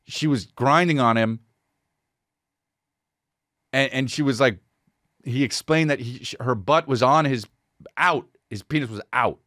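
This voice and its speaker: Male podcast host, casual and profane storyteller, lively pitch, dry close sound. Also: dry recording. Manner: animated, profane, laughing storyteller.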